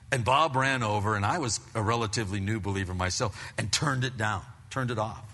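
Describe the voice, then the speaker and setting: A man's voice: fairly low pitch, brisk, few pauses, sharp tone. An older man preaching a conversational sermon as pastor, telling stories with casual slang asides. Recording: long reverb of a large hall.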